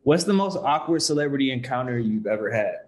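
A married man co-hosting a podcast, reading out listener questions calmly. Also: mid-range voice, quick pace. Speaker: podcast co-host. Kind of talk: casual chat.

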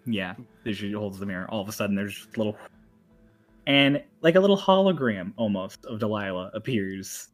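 A man's voice: on the low side, lively intonation, a little fast, soft background music. A man narrating as game master for a tabletop game, in a loose, chatty way full of "like" and "just".

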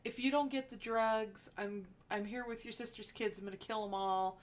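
A woman's voice: mid-range voice, steady tone, moderate pace. A woman casually chatting about a movie plot, chiming in with short agreements and picking up the recap. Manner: chimes in with short agreements and laughs. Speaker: podcast co-host.

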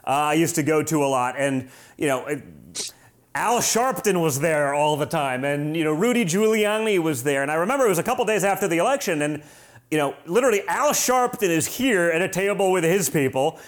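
A man in his forties hosting an interview, chatting casually with quick sarcastic jokes. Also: a little high, expressive. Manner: joking, quick, sarcastic asides. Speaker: podcast host.

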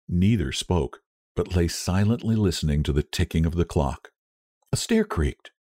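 A man hosting a literature podcast, reading a story aloud in a measured, dramatic way. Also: low voice, warm tone, dry recording, studio quality. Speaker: podcast host and narrator. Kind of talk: scripted storytelling narration.

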